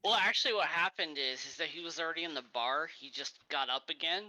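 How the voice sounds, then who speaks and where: A man with a very bright, cutting tone and a slightly raised pitch, chatting casually about games as a guest. He is easygoing and agreeable, and he hedges his opinions. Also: quick pace, rough recording. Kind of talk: casual gaming chat.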